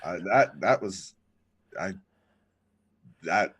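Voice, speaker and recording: A man appears as a podcast guest in casual chat. He jokes, swears and laughs often. His voice is husky, his pace is unhurried and his pitch moves lively.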